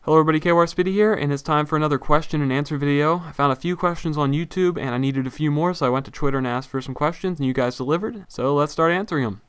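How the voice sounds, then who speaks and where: A man's voice: a little high, racing, hardly any pauses, a bit bright, clear, resonant tone, no echo. A young man answering viewer questions in a casual gaming vlog, breezy and joking. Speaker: gaming YouTuber.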